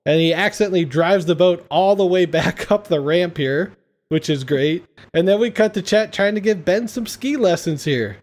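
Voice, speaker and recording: A man's voice: high-pitched, lively intonation, moderate pace, a little mellow. A man hosting a podcast, casually retelling film scenes with enthusiasm. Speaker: podcast host. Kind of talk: casual film-recap chat.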